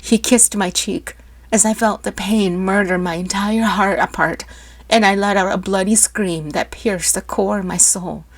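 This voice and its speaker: A woman's voice: mid-range voice, steady tone, measured pace. A woman narrating a first-person story with an emotional, dramatic delivery.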